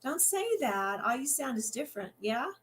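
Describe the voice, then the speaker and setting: A woman's voice: on the high side, lively intonation, normal speed, a little hiss or hum, close to an everyday voice. Storybook read-aloud: an earnest young male cop, friendly and easygoing, voiced by a woman author.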